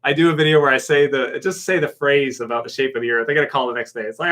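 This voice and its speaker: A man's voice: medium pitch, fairly even intonation, fast, hardly any pauses, a bit bright. Chatty man hosting a live stream. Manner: rambling, friendly, many fillers and restarts. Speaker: YouTube channel host. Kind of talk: casual live-stream chat reading viewer comments.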